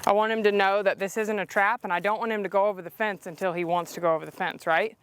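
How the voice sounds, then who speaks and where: A woman's voice: medium pitch, fairly even intonation, fast, noisy background. A woman horse trainer explaining her method while working a horse on an outdoor cross country course, coaxing and praising the horse between explanations.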